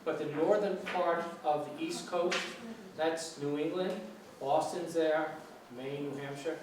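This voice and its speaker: A middle-aged man gives an informal English lecture in a slightly high, steady, unhurried voice. He's chatty, quizzes his students, and imitates regional accents. The recording, made from far off in an echoey lecture hall, carries faint noise.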